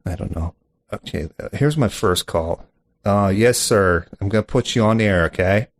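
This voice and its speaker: A man's voice: fairly low pitch, moderate pace. A man hosting a mock call-in comedy show, flustered and incredulous, stammering as he fields callers. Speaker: host of a comedy podcast.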